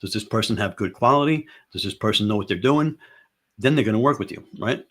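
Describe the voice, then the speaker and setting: Host, male, lowish husky voice, emphatic casual advice, loves rhetorical questions. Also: expressive, brisk, fairly bright tone. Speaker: show host. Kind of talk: casual ranting advice talk.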